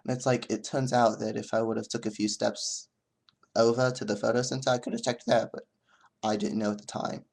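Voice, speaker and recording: A man's voice: medium pitch, level tone, a little fast, creaky. A young man vlogging who tells a store story in an exaggerated, put-on British accent, rambling and quoting customers. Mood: playful. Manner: rambling, chatty storytelling with quoted dialogue. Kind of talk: comic vlog storytelling.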